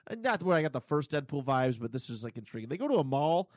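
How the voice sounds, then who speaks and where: A man co-hosting a comic book podcast, retelling scenes casually with many pauses and fillers. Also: mid-range voice, big pitch swings, dry recording, studio quality. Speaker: podcast co-host. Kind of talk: casual chat.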